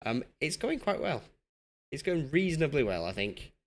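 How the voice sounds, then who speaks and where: A man's voice: on the high side, very animated, normal speed. A young man from Yorkshire chatting casually while live-streaming a football management game and reading chat aloud. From Yorkshire, England.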